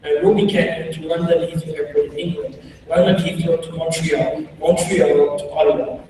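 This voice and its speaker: A young man from Congo, whose first language is Kiswahili, tells animated, humorous stories as a keynote speaker. His voice sits high for a man. It comes from far away in a big hall with a long echo. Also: normal speed, slight background noise. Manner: animated and humorous, with frequent laughs. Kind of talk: storytelling keynote talk. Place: large hall. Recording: echoey hall, far from the mic.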